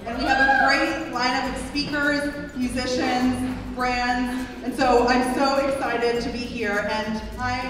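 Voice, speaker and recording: High-voiced woman MCing in an echoing hall. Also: level tone, measured pace, fairly bright tone, far from the mic. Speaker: event MC. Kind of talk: hosting an event from a stage. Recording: echoey hall, heard from afar.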